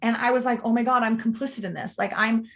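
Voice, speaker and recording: A woman's voice: fairly high pitch, steady tone, fast talker. Chatty woman acting out her own story. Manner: chatty, acts out quoted dialogue in changed voices, many "like" fillers. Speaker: interview guest. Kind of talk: casual storytelling in a podcast interview.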